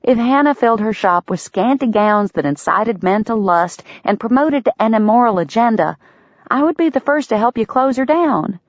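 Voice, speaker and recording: A woman's voice: on the high side, animated, no echo, pitched above the performer's own voice. A woman voicing a spirited, indignant young woman. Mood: earnest. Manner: indignant and quick-witted. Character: spirited young woman, protective of her friend. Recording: dull, dry lo-fi sound.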